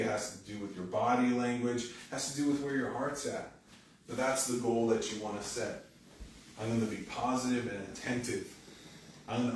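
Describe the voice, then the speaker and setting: Animated male pastor preaching in echoey hall. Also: mid-range voice, far from the mic, slight background noise. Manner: conversational, animated, acts out quoted dialogue. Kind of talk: sermon. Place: church sanctuary. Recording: echoey church hall, speaker away from mic.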